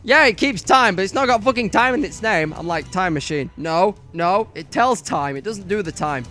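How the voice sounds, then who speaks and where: Woman, let's play narrator, animated voice, bright tone, chatty and swearing. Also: mid-range voice, moderate pace, soft background music. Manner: lively, swears and laughs at herself. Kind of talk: reading visual novel aloud with commentary.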